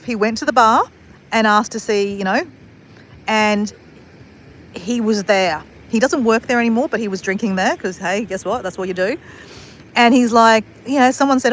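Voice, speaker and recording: A woman in her forties from Australia, chatting casually to camera in a rambling, laughing way. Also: on the high side. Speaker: vlogger.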